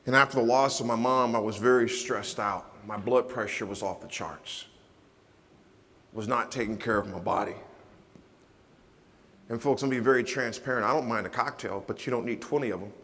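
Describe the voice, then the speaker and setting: A man from Nebraska giving a motivational keynote speech, telling stories dramatically and swinging from hushed lines to shouting. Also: mid-range voice, normal speed. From Nebraska, USA. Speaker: motivational speaker. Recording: reverberant hall sound.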